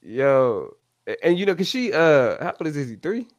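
A man's voice: on the high side, very animated, moderate pace, no echo. A man co-hosting a talk show, chiming in with sarcastic jokes and teasing. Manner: joking, teasing interjections and sarcastic asides. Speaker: podcast co-host. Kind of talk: casual chat.

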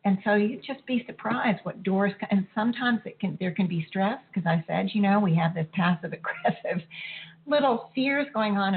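A woman hosting a spiritual talk show, speaking earnestly in a rambling way that circles back and corrects itself. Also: fairly low pitch. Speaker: host. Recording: tinny phone-like line.

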